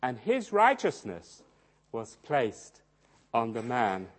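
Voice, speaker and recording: A man preaching a sermon, swinging dramatically between loud emphasis and hushed low tones. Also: wildly swooping pitch, takes it slowly. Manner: acts out quoted voices in his storytelling.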